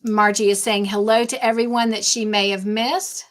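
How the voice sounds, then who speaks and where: A woman hosting a casual live stream, warmly greeting chat viewers by name and chatting between tasks. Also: medium pitch, flat delivery, moderate pace. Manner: warm, effusive greetings to chat viewers, easily sidetracked. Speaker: livestream host.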